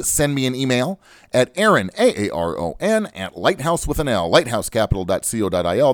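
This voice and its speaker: Lively, fired-up male radio host. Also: mid-range voice, no echo, studio quality. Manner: fired-up, joking and emphatic. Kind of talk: comic talk-radio rant. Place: radio studio.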